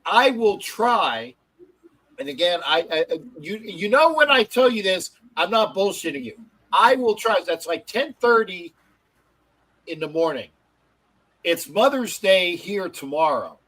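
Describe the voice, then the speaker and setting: A man's voice: high-pitched, expressive, measured pace, fairly bright tone, poor audio. Rambling, cussing male stream host. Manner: rambling, swears, many false starts. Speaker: show host. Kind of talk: casual live-stream chat.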